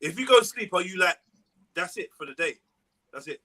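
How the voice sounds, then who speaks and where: A man's voice: sits high, lively intonation, normal speed, bright, forceful tone. A man on a live panel, mocking another panelist in playful banter. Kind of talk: casual banter.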